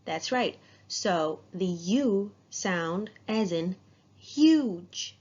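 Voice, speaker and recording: A woman teaching an English phonics lesson, modeling sounds slowly and praising students as they repeat. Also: medium pitch, expressive, a little mellow. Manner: slow, drawn-out, encouraging drill. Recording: dull lo-fi sound.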